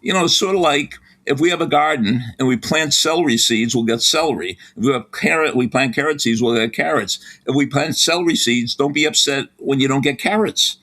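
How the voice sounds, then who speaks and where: An older man, a sports psychology professor, giving advice as a podcast guest in lively storytelling fashion. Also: a little fast, few pauses. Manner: lively, animated storytelling with big pitch swings.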